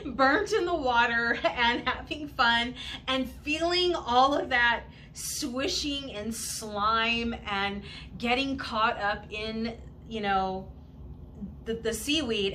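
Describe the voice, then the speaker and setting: A woman telling a casual personal story in an animated way, laughing often and acting out what people said. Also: fairly high pitch, slight background noise. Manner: animated, laughing often, acts out quoted voices.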